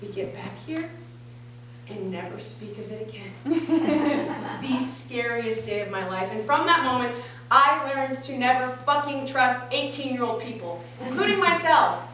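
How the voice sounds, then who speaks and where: High-voiced woman doing stand-up in an echoey room. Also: measured pace, far from the mic, slight background noise. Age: 20s. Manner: profane, animated storytelling with frequent laughs. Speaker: stand-up comedian. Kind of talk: stand-up comedy set. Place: comedy venue stage. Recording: echoey live room, mic from afar. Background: audience.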